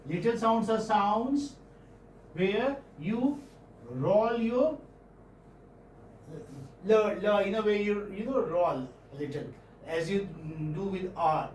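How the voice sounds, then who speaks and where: A man's voice: high voice, animated, takes it slowly. Man, Indian English accent, coaxing classroom lecture, repeats himself, roomy echo, faint background hiss. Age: middle-aged. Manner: repetitive, coaxing, checks with students often. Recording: echoey room, distant mic, faint noise.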